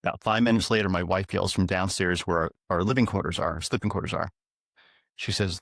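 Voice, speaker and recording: Low-voiced man telling animated stories. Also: fast, no echo, studio quality. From US East Coast. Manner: animated, chuckling storyteller. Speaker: guest, animal communicator. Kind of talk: casual interview storytelling.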